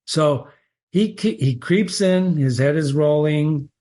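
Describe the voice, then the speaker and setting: A man reading a short story aloud and pausing to analyze it, with musing, thoughtful asides. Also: a little high, warm tone. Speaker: literature teacher and reader.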